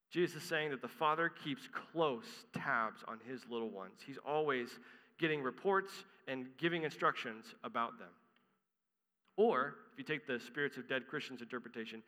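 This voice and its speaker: A man's voice: medium pitch, pushed and bright, big-room sound. A man preaching an earnest sermon, explaining a scripture passage and reading it aloud to his congregation.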